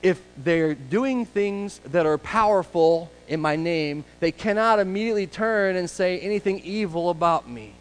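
A male pastor preaching a conversational sermon, full of casual asides and rhetorical questions, sometimes brisk and sometimes drawn out. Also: sits high, expressive, smooth, low-quality recording.

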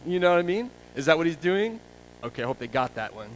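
Man preaching with hushed and loud swings. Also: on the high side, lively intonation, fast, slight background noise, low-quality recording. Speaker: pastor. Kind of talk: sermon.

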